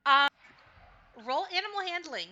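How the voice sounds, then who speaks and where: Bright, lively woman game master. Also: extremely high pitch, normal speed, muffled recording, a little hiss or hum. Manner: recaps with frequent fillers and self-corrections. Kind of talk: narrating a tabletop game.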